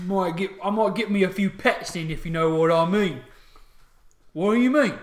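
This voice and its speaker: A man voicing a crude, complaining male orc soldier in a tabletop game, talking loudly and high. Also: normal speed, echoey room, natural voice.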